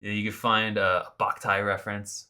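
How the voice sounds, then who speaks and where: A man co-hosting a podcast, recapping a video game in animated, sarcastic casual chat. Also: fairly low pitch, moderate pace, smooth. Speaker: podcast co-host.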